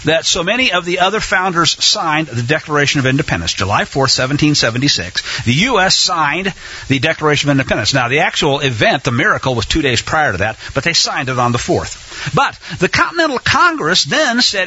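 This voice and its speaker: A man's voice: fairly high pitch, very animated, a little fast, sharp tone, husky. A man hosting a religious radio talk show, rambling with enthusiasm and many fillers and restarts. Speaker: radio host. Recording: dull lo-fi radio sound.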